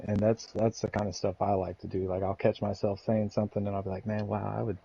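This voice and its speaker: A man's voice: on the low side, flat delivery, quick pace, mellow, breathy edge. A man from Texas with a Southern drawl, co-hosting a podcast in easygoing, encouraging casual chat. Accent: Texan Southern drawl. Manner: easygoing, encouraging, restarts often. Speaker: podcast co-host. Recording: dull, lo-fi mic.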